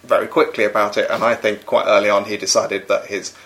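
A man's voice: fairly low pitch, little pitch movement, a little fast, a bit bright, rough recording. A middle-aged man, a comedy writer, talking thoughtfully and analytically in an interview, laughing often. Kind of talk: conversational interview.

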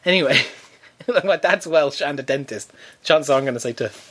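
A man's voice: a little high, moderate pace, a bit bright. A man co-hosting a podcast, telling a self-mocking story in casual, playful chat. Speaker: podcast co-host.

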